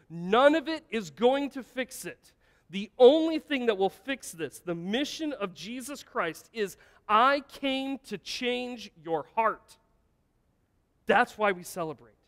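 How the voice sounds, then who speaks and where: Earnest and emphatic, a man from the United States preaches as pastor and asks his congregation rhetorical questions. His high voice has a fairly bright tone, echoing with long reverb through the church sanctuary.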